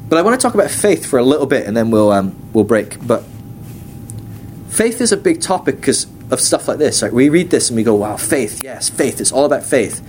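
A man's voice: mid-range voice, very animated, fairly quick, a little mellow, a little hiss or hum. A man giving a casual, chatty Bible class, acting out quotes in different voices. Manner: chatty, uses many fillers and acts out quotes. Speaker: teacher at a ministry school. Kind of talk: casual teaching talk.

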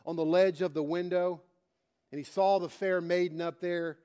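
A man's voice: high voice, fairly even intonation, moderate pace, darkish tone, clear, resonant tone. A man preaching a sermon, repeating his phrases with emphasis and telling a story to make his point. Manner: emphatic, repetitive preaching cadence.

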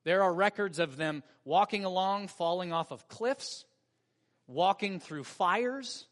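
A male pastor delivering a sermon with a slightly high voice. He preaches earnestly and stresses his points, stretching key words slowly. A long reverb from the church hall trails after each phrase. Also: animated. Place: church sanctuary.

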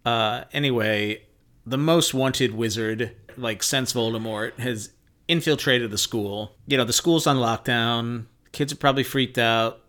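A man's voice: mid-range voice, unhurried, a bit bright. A man co-hosting a podcast in casual chat, rambling, who laughs nervously. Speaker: podcast co-host.

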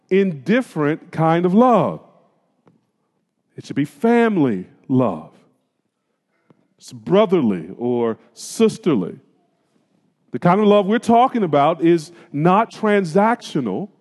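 A man's voice: a little high, a little mellow. A man preaching a sermon, talking straight to his congregation in colloquial phrasing and asking them questions. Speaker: pastor. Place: church sanctuary. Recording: long reverb of a church hall.

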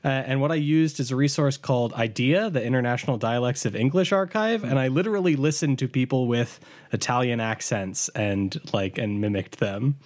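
A man's voice: medium pitch, normal speed, a little mellow. A man who plays on a tabletop game podcast, chatting casually and laughing at himself. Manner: self-deprecating, laughs often. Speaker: podcast player guest.

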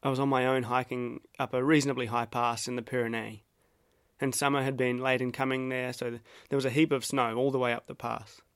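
A man with an Australian accent narrating a reflective personal essay in a measured, wry, self-deprecating way. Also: medium pitch, flat delivery, clear, resonant tone, no echo, clean studio sound.

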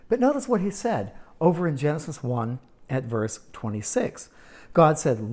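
A woman teaching a Bible lesson in sermon style, storytelling with dramatic pauses and wry asides. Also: very deep voice, expressive, darkish tone.

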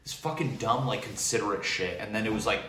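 A man's voice: fairly low pitch, brisk, bright, forceful tone, recorded from a distance, a little hiss or hum. A young man venting in a casual monologue, profane, heated and rambling, while drinking wine. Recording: echoey room, voice off-mic.

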